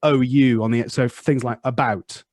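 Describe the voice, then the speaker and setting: A man's voice: mid-range voice, steady tone, unhurried, darkish tone, no room sound, clean studio sound. A man with a West Country English accent, hosting a podcast and chatting casually, with many restarts and fillers. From Southwest England. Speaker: podcast host. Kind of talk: casual conversational interview.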